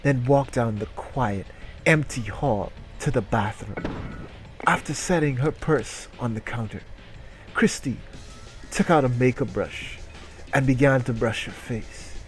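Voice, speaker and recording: A man reads a comic tale aloud in a deliberately slow, theatrical way, stretching each phrase. His pitch rises and falls freely, with faint music playing underneath. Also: animated. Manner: slow, theatrical delivery with small slips. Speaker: narrator. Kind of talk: mock-dramatic reading of a comic story.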